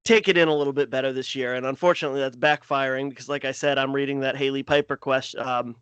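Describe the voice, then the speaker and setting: Brief: thoughtful male co-host, smooth voice, hesitant restarts. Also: mid-range voice, fairly even intonation, fast, a bit bright, no room sound. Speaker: podcast co-host. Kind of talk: casual chat.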